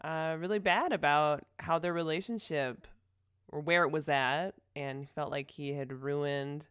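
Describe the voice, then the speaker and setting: A woman's voice: low-pitched, unhurried, a bit bright, clear, resonant tone, no echo, studio quality. A woman co-hosting a podcast in casual chat, upbeat and steering the conversation along. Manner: upbeat, moves the talk along. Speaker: podcast co-host.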